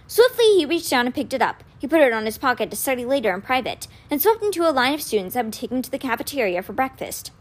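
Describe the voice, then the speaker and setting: A woman reading a children's novel aloud with expressive storytelling. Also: sits high, quick pace, few pauses. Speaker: reader.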